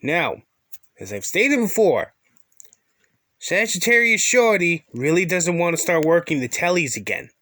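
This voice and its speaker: A man's voice: on the high side, sing-song, a little slow, bright, forceful tone, dry recording. A man giving mocking, sarcastic commentary over a video, crude and insulting.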